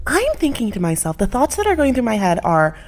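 Young woman, podcast co-host, casual chat, lively storyteller, acts out friends' lines. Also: mid-range voice, quick pace, soft background music.

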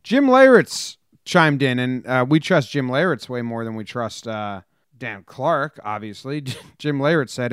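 A man co-hosts a podcast in loose, casual chat, tossing in quick asides. His voice is smooth and clear, recorded close and dry. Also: medium pitch, expressive, no echo. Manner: chatty, quick asides and laughs. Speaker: podcast co-host.

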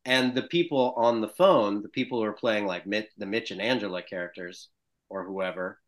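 A man telling a story in a casual chat, animated and quick to laugh. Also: lowish voice. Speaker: guest actor.

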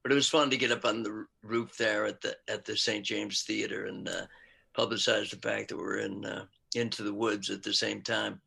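A man's voice: fairly low pitch, flat delivery, normal speed, gravelly, sharp tone, husky. An older man, an actor and musician, chatting casually in an interview, rambling with asides and frequent laughs.

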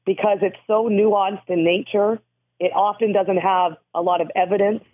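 A woman from Canada with a hoarse voice, speaking earnestly as an interview guest who educates on abuse prevention. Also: medium pitch, steady tone, normal speed. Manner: earnest, emphatic, explanatory. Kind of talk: interview over the phone. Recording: tinny phone line.

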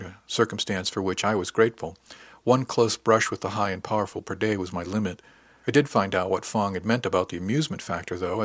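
A man narrating a first-person science fiction story in an even, wry storytelling manner. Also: on the low side, dry recording. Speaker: audiobook narrator.

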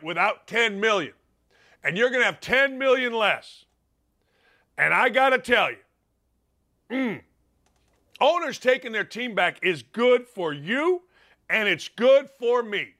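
A man hosting a sports talk show, delivering an emphatic, combative opinion rant with quick asides. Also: high-pitched, expressive, sharp tone.

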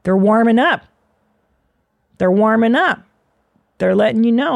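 A woman's voice: a little high, animated, a little slow, creaky, no room sound, muffled recording. A woman in her forties hosting a podcast, talking in a loose, profane, rambling and self-mocking way. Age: 40s. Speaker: podcast host. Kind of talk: casual solo monologue.

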